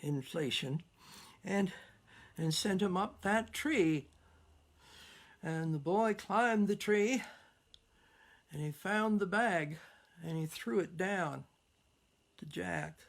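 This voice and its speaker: A woman's voice: lowish voice, slow, gravelly, pauses often. A woman telling a folktale, with a drawling, repetitive rhythm and plain country phrasing. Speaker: storyteller. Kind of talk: folktale storytelling.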